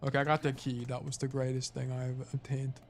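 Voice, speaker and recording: A man streaming himself playing a game, thinking out loud in casual, rambling talk full of "like" and "you know". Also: mid-range voice, monotone, a little fast, background noise. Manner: rambling, thinking aloud, lots of "like".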